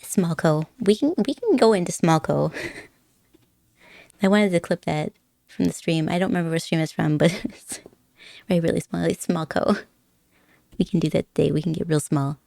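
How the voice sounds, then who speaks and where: With a lowish, creaky, warm voice at a moderate pace and long pauses, a young woman streamer chats casually with her audience. She's giggly and rambling, breaking into laughter and putting on silly accents, and her desk mic sounds close and dry, hinting at nervousness underneath.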